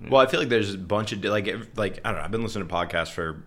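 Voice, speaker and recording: A man's voice: lowish voice, animated, racing, fairly bright tone. A man chatting casually as a podcast guest, easygoing and agreeable. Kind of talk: casual chat.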